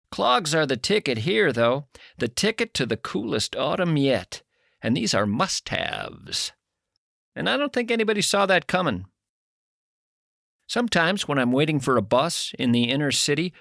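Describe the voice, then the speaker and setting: A middle-aged man hosting a radio show, delivering a wry, deadpan comic monologue with sudden loud outbursts. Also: fairly high pitch, gravelly, dry recording, studio quality. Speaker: radio host.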